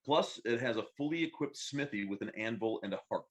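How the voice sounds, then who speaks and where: A man narrating a tabletop game as game master, describing scenes with many halting fillers. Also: medium pitch, animated, slightly rough. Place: home, online stream.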